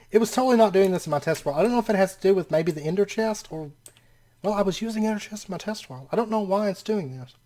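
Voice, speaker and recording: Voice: medium pitch, expressive, fast, dark tone. A host giving casual gameplay commentary, often laughing and exclaiming in disbelief, rambling and correcting themself as they narrate each action. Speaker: let's play host.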